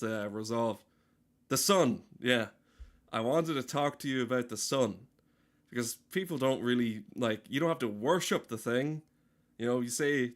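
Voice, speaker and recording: A man giving a meandering comedic monologue, swearing often, full of "uh" and "you know", acting out both sides of imagined conversations. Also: mid-range voice. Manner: meandering, profane, full of fillers and asides. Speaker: rambling monologue host.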